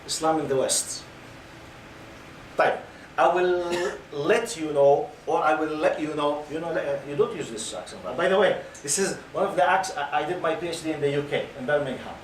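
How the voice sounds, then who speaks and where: A man in his fifties with a fairly high voice lectures a room of young listeners and keeps asking them questions. His phrasing is loose and repetitive. The sound is roomy and distant, with faint background noise. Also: expressive, normal speed. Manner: questions the audience and waits for answers. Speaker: Islamic lecturer. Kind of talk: lecture to a youth audience. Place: lecture hall with a live audience. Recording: echoey room picked up from a distance.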